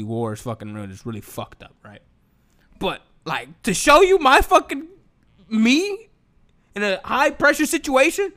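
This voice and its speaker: A young man rambles through a comedic podcast monologue, loose and slangy with plenty of swearing. His voice sits high and swoops up and down with energy. The tone is bright and forward. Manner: animated, joking, slangy and profane. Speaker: podcast host.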